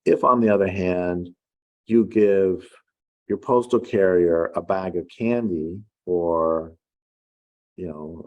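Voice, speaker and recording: Deep-voiced man telling a wry story. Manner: unhurried, reflective storytelling with wry asides. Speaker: author. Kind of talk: casual spoken essay.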